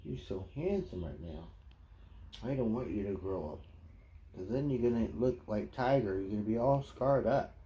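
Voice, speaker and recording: A man on a casual live stream, chatting to his cats in a soft, high baby-talk voice and rambling through offhand stories. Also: expressive, normal speed. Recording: echoey room with faint ambient noise.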